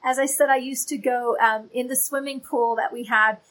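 A woman's voice: sits high, fairly even intonation, normal speed, fairly bright tone, low-quality recording. A woman giving a conversational, faith-based teaching. She is earnest and candid, often checking in with her listeners. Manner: earnest and candid, checks in with "okay?" and "you know". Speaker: Christian author and teacher.

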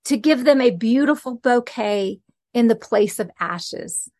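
A woman's voice: on the high side, expressive, measured pace, a little mellow, dry recording. A woman preaching an earnest, conversational sermon and reading scripture aloud as host of her podcast.

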